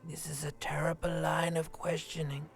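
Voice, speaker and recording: An actor voicing the limbic system in a video game, a man speaking in a hushed, creeping whisper. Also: fairly high pitch, completely flat delivery, normal speed, creaky. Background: faint game music.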